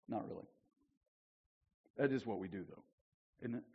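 Conversational pastor, lo-fi sermon recording. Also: male voice, on the low side, normal speed, breathy edge. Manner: conversational preaching with big swings between loud and hushed. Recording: dull lo-fi church recording.

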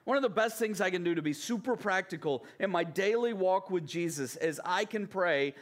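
A man's voice: high-pitched, moderate pace. A man from the American South preaching a sermon in a conversational way, often checking in with his listeners. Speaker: pastor.

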